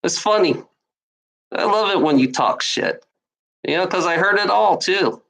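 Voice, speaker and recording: A woman's voice: on the low side, animated, a little slow, vocal fry, fairly bright tone, poor audio. A woman streamer ranting at online trolls in a casual, profane, rambling way, full of sarcasm and repeats. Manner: mocking laughs. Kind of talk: casual rant to a live audience.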